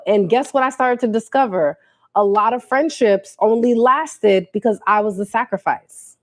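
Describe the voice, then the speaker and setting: A woman's voice: on the high side, normal speed. A young woman, telling a casual storytime on a livestream and acting out what people said. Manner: animated, quotes people in put-on voices, talks to viewers. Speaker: livestream host.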